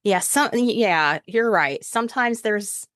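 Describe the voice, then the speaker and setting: A woman's voice: medium pitch, animated, slow, a bit bright, no room sound, clean studio sound. A woman hosting a podcast, talking casually and reflectively, laughing easily. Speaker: podcast host. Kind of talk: casual chat.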